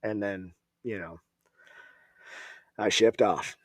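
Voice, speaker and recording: A man from Minnesota, an Army veteran guest on a podcast, telling stories in a casual, profane and animated way. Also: fairly low pitch, takes it slowly, no room sound, clean studio sound.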